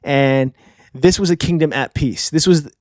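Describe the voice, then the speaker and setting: A man giving a casual, excitable manga review in slangy talk, constantly checking in with "all right?". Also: on the high side, a little slow, no room sound, studio quality. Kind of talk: casual reaction commentary.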